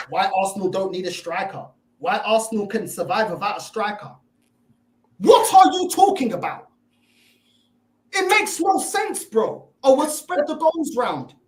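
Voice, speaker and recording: A woman, ranting as a panelist on a fan discussion show, exasperated and mocking. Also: fairly high pitch. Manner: exasperated, mocking, repeats "bro". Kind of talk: heated fan rant. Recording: echoey room.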